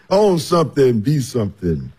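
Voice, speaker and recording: An actor playing an easygoing older household servant who chuckles often and talks in a folksy way. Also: male voice, medium pitch, sing-song, takes it slowly, warm tone, slightly rough, full character voice.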